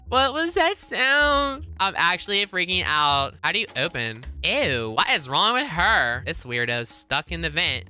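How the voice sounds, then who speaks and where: A woman hosting a gaming video with casual gameplay commentary, sassy and teasing, breaking into sudden excited shrieks. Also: sits low.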